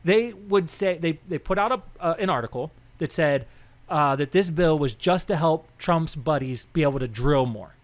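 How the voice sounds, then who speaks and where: A young man co-hosting a podcast, telling stories in a rambling, animated way and acting out the people he quotes. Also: fairly high pitch, moderate pace. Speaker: podcast co-host. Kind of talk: casual political chat.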